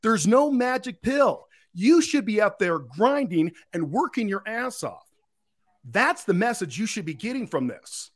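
A man doing an impression of a fired-up male motivational speaker yelling at a crowd. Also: high voice, very animated, measured pace, voice pushed up, full character voice. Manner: shouting, loud and blunt.

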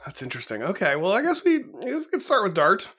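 A man's voice: high-pitched, huge pitch swings, fast, pushed and bright, slightly rough. An American man hosting a podcast, chatting casually with lots of fillers and frequent laughs. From United States. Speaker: podcast host. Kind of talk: casual chat.

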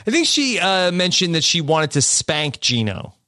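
A man's voice: fairly high pitch, big pitch swings, moderate pace, pushed and bright, no room sound, clean studio sound. A man hosting a podcast, recapping a reality show in casual chat and often laughing. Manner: laughing, chatty recap with restarts. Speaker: podcast host.

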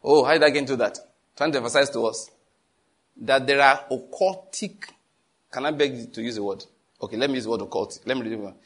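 Husky pastor preaching emphatically. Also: male voice, mid-range voice, a little fast, a bit bright. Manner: emphatic, repeats phrases, acts out stories. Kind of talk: sermon.

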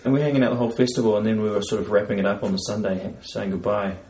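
A man from Belgium, a street performer, telling anecdotes in a relaxed, casual interview. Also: lowish voice, very fast, background noise. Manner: relaxed anecdotal, laughs at own story. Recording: roomy echo.

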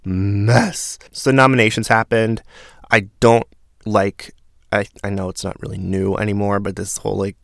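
Gravelly low-voiced man, sarcastic recap. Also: little pitch movement, normal speed, a bit bright, no echo, studio quality. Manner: sarcastic, exasperated commentary. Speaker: reality TV recap host. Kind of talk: casual episode recap.

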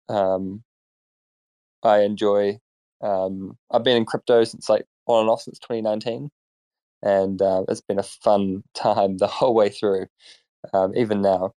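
A man's voice: on the low side, mellow. A man with a New Zealand accent, a guest talking casually, mumbling and hesitant. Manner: mumbling, self-deprecating, hesitant. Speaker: guest, company executive. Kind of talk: casual chat.

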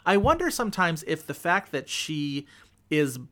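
A man's voice: a little high, very animated, moderate pace, fairly bright tone. A man hosting a film podcast in casual chat, talking loosely with lots of fillers and easy laughs. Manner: chatty, lots of "like", laughs easily. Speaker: podcast host.

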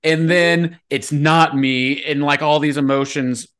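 A man's voice: on the high side, a little slow, smooth. Chatty man podcast co-host. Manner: relaxed, chatty, acts out quotes. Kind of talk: casual chat.

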